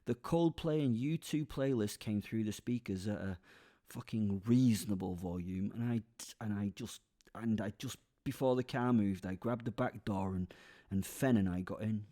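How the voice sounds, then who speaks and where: A man narrates a comic story in the first person for his podcast. His voice sits a little low and has a warm, mellow tone. He rambles into asides and sometimes drops into a whisper. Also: moderate pace.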